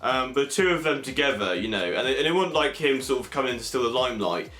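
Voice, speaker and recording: A young man from England chatting excitedly in a casual vlog, full of fillers and animated asides. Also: mid-range voice, quick pace. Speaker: vlogger. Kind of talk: casual convention recap vlog. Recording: echoey room.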